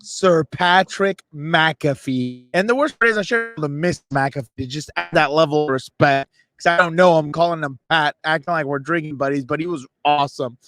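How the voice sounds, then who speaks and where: A man co-hosting a sports podcast, telling an excited, self-mocking story and acting out the other people in it. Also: a little high, moderate pace. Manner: animated, self-mocking, voices others in quotes. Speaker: podcast co-host. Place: radio row event booth.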